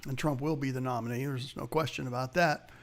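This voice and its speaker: A man's voice: mid-range voice, steady tone, brisk. Chatty male live-stream market host. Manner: chatty, addresses viewers directly, reads chat live. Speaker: host of a live investing show. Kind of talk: live webcast market commentary.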